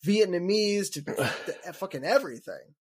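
A man's voice: high-pitched, lively intonation, unhurried, husky. A man from Wisconsin co-hosting a podcast in casual chat, blunt and swearing freely, laughing often. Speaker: podcast co-host.

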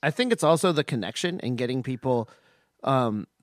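A man in casual chat, speaking haltingly with many restarts and fillers. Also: mid-range voice, animated, no echo, clean studio sound.

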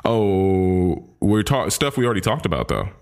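A man co-hosting a casual podcast, bantering about video games and films. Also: low voice. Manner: animated, quick banter with laughs. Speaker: podcast co-host. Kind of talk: casual chat.

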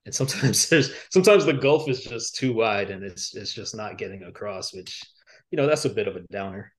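A young adult man, an author guest on a podcast, talking in a reflective, halting way with many fillers and restarts. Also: fairly low pitch, lively intonation. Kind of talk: reflective interview talk. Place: podcast studio.

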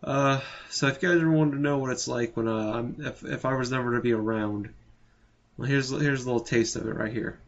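Halting man on a dull lo-fi recording. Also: mid-range voice, fairly even intonation, vocal fry. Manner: halting, filler-heavy. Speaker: podcast host. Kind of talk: casual podcast aside.

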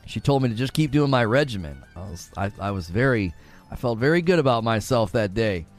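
A man in his forties hosts a casual livestream chat. He tells stories in an animated, laughing way, and his voice rises and falls a great deal. Faint music plays underneath. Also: mid-range voice, fairly quick. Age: 40s.

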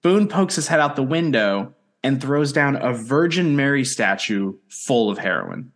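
A young man co-hosting a podcast in casual chat. He teases with a wry tone and walks through plot points in a steady, recapping way. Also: mid-range voice, measured pace. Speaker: podcast co-host.

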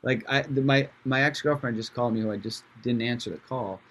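Brief: young adult male comedian guest, casual podcast chat, lively and loose, swears freely. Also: mid-range voice, a little fast. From Iran. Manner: animated, laughs often, swears casually.

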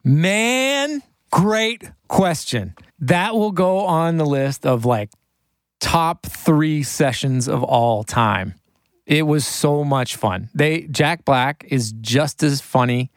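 A man working as a record producer and engineer, chatting casually in an interview, excitable and quick, laughing often and saying "like" a lot. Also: fairly high pitch, no room sound.

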